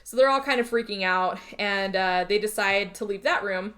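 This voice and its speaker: A woman's voice: mid-range voice, moderate pace, fairly bright tone. A woman co-hosting a podcast, casually retelling a film's plot and acting out the characters' lines with some swearing. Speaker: podcast co-host. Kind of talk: casual movie recap chat.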